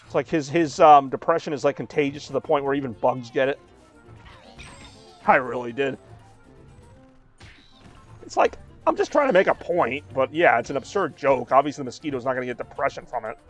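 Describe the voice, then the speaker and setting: A man's voice: mid-range voice, animated, brisk, long pauses, lo-fi sound, faint music behind. A man in his thirties streaming a game and chatting casually, rambling with lots of fillers. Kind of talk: casual chat while gaming.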